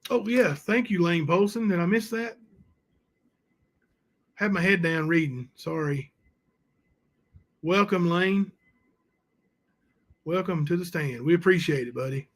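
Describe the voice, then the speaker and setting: A man hosting a livestream, reading letters aloud and chatting with viewers in a slow, halting way with many fillers. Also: a little high, a bit bright. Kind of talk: casual livestream reading and chat.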